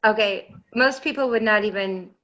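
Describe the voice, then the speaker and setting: A woman's voice: medium pitch, moderate pace, fairly bright tone, lo-fi sound. A middle-aged woman on a discussion panel, telling a long personal story in a rambling, enthusiastic way. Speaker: panel guest. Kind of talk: round-table discussion.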